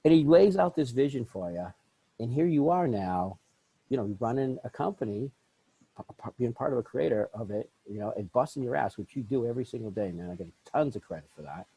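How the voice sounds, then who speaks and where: Husky, warm-voiced male podcast host. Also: mid-range voice, animated, fairly quick, rough recording. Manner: conversational, checking in with "right?" and "man". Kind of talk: casual interview.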